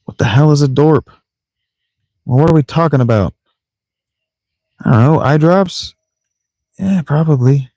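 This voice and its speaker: Snug in a sleeping bag in a tent, a let's play streamer rambles through his gameplay, joking to himself and mispronouncing words for fun. His mellow voice sits on the high side, moves a little slowly with long pauses, and carries no echo.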